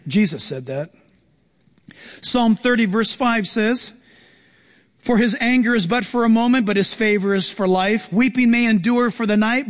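A man preaching a sermon as a pastor, earnest and emphatic, repeating phrases as he drives points home. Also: very high voice. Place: church.

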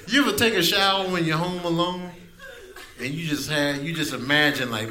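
A man doing a stand-up comedy set with a drawn-out, musing delivery. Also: fairly high pitch, lively intonation, a crowd in the background.

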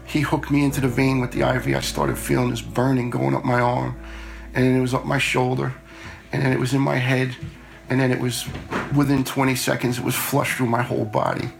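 Middle-aged male storyteller, gravelly and plain-spoken, earnest, sometimes repeats himself. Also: mid-range voice, level tone, brisk, faint music behind. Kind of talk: personal storytelling.

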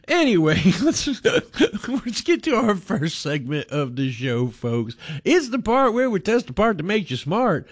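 Folksy, lively male radio host. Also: a little high, no echo, studio quality. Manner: folksy, joking, laughs often. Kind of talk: casual radio chat.

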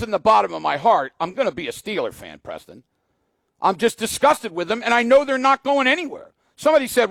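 A man hosting sports talk radio, ranting in an animated, exasperated way. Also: a little high, fairly quick, gravelly, dry recording.

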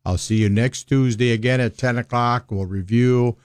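A man's voice: mid-range voice, fairly even intonation, moderate pace, darkish tone, smooth, dry recording. A man in his sixties with a Minnesota accent, a financial advisor talking plainly and bluntly on a radio show. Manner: folksy, blunt, plain-spoken. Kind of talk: casual radio talk.

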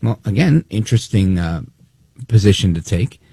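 A man hosting opinionated political talk radio, animated and snide, acting out quotes as he talks. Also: on the low side, normal speed, breathy edge, no echo.

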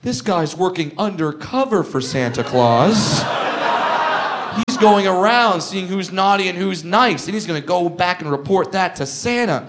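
A man's voice: high voice, lively intonation, measured pace, heavy background noise. A comedian playing a mock-jovial father humoring his son in a stand-up bit. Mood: sly. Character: cheery scheming dad humoring his son.

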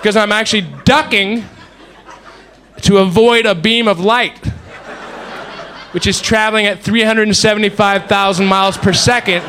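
A man doing an animated, self-mocking stand-up routine. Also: high-pitched, normal speed, pauses often, a faint crowd, slight background noise. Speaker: stand-up comedian.

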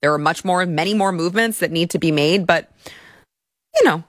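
A woman's voice: lowish voice, brisk, a bit bright, dry recording, studio quality. A woman hosting an opinionated commentary show, talking in a sarcastic, mocking way.

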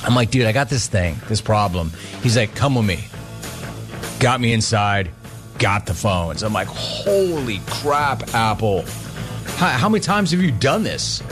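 A man on the radio telling a casual story, acting out the people in it with lively swings in his voice. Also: lowish voice, moderate pace, over music. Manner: animated, acts out both sides of the story. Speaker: radio host.

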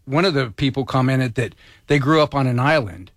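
A man's voice: medium pitch, lively intonation, brisk, no echo. A man chatting casually on a radio show, telling a story with enthusiasm. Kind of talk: casual chat.

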